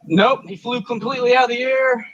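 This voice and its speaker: A man's voice: very high-pitched, brisk, a crowd in the background. A man fishing on camera, pleading and exclaiming as he fights a fish and loses it. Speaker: angler on camera. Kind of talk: live reaction while fishing. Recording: dull lo-fi clip audio.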